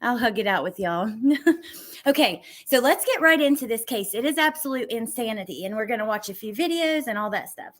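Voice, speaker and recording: A woman's voice: a little high, lively intonation, brisk. A woman hosting a true crime livestream from home, chatting casually, greeting viewers by name and laughing easily. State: a little out of breath. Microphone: computer mic at desk.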